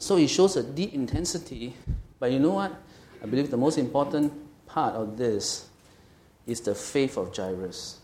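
A man's voice: medium pitch, darkish tone. Emphatic male pastor in echoey hall. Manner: conversational and emphatic, often checking in with "okay?". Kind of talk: sermon. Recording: echoey room.

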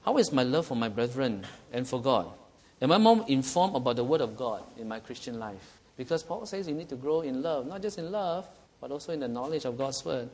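A man's voice: medium pitch, expressive, a little fast, a little mellow. Singaporean man preaching with questions. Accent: Singaporean English. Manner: conversational preaching, rhetorical questions, laughs at own jokes. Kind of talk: sermon.

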